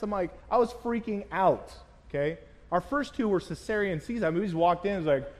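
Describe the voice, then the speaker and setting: A male pastor with a high voice delivers a sermon in an animated, storytelling way, acting out the people in his story. His voice carries a long echo, as in a large church hall. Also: moderate pace.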